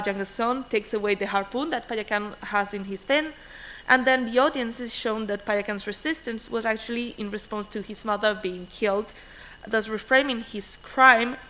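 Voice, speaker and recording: A woman's voice: medium pitch, sharp tone, a little hiss or hum, poor audio. A woman reading out an academic conference paper, hurrying and often restarting words with fillers. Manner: hurried, frequent restarts and fillers.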